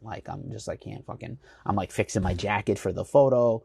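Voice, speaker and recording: Brief: low, gravelly, husky American man, casual rambling host storytelling. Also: a little fast, few pauses, a little mellow, no echo, studio quality. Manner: rambling, filler-heavy, enthusiastic. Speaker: magazine chief editor hosting the show.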